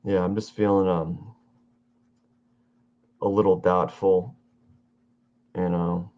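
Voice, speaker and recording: A tired, yawning man chatting casually while he draws on a live stream, rambling and halting with many fillers. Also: sits low, little pitch movement, highs cut off. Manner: meandering, halting, self-talk with fillers. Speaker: artist streaming his drawing.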